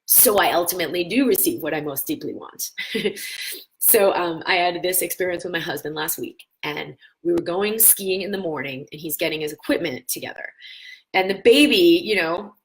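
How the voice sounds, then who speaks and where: A woman in her thirties with a slightly low voice hosts a spiritual wellness show. She coaches viewers in an earnest, encouraging way. When she tells a story, she acts out the voices of the people in it. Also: moderate pace, poor audio.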